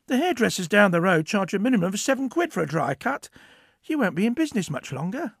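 A flustered everyday man, as a storyteller plays him, stammering and hesitant, his voice climbing high and swinging widely in pitch. The sound is close and dry. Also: very animated, quick pace, creaky, a bit bright, husky, no echo, full character voice. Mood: bemused. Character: flustered everyday British man, easily bewildered.

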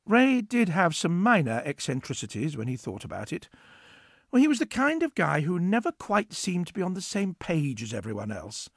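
A man narrating a story aloud, reading in an expressive way. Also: high voice, moderate pace, dry recording.

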